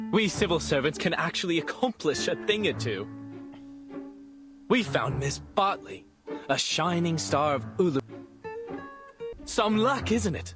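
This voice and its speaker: An actor playing a bouncy, self-important male civil servant who talks in an exuberant, boastful and theatrical way in game dialogue. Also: on the high side. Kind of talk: video game voice acting. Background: music.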